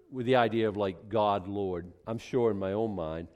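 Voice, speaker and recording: A man's voice: on the low side, fairly even intonation, moderate pace, hardly any pauses, darkish tone. A male pastor with a Boston accent, preaching a conversational sermon full of rhetorical questions and self-corrections.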